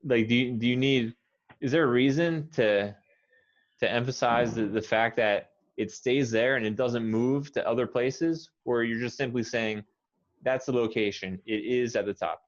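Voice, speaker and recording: An American man teaching English pronunciation one-on-one, patiently correcting and modeling words slowly. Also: medium pitch, dull audio.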